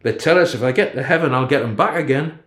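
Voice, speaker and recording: A man's voice: mid-range voice, fast talker, fairly bright tone, reverberant, voice pushed up, lightly acted. A man voicing a dying older man, who talks in a confiding, half-whispered way.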